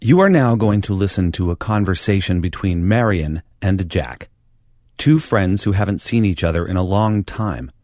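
Man narrating an English lesson, lively pitch. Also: dry recording. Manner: clear, deliberate teaching delivery. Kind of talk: scripted language-lesson narration.

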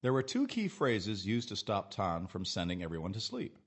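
Male lesson narrator, husky low voice with lively intonation, measured delivery. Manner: clear, measured, modelling phrases for repetition. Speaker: English teacher narrator.

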